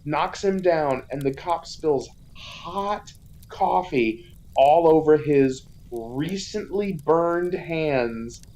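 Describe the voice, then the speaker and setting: A woman's voice: low voice, animated, very slow, dark tone, poor audio. A woman co-hosting a podcast, casually recapping a film, often saying "like" and swearing freely. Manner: swears freely, peppers talk with "like". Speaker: podcast co-host. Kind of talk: casual movie recap chat.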